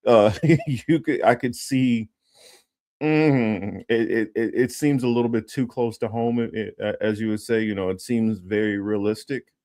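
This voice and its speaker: Low-voiced man rambling through commentary. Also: steady tone, unhurried, darkish tone, dry recording, clean studio sound. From Los Angeles area. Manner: rambling, many fillers and restarts; reads news text aloud. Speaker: political commentary host. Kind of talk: casual livestream commentary.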